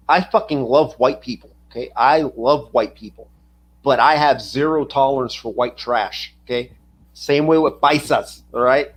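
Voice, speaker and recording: A man's voice: a little high, slightly rough. A man in a casual chat, teasing his co-host and joking along. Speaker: podcast co-host.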